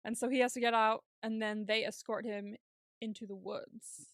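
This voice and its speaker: A woman's voice: on the high side, normal speed, no echo, clean studio sound. A woman co-hosting a podcast, casually recapping a TV episode and acting out the characters' lines. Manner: animated retelling, acts out characters' lines, laughs often. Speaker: podcast co-host.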